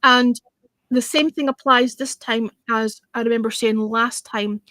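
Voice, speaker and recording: A woman hosts a casual livestream music panel, her voice sitting a little high. She gives her opinions bluntly and with conviction. The sound is dry, with no room echo. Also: steady tone, a little slow, bright, forceful tone. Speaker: music show host.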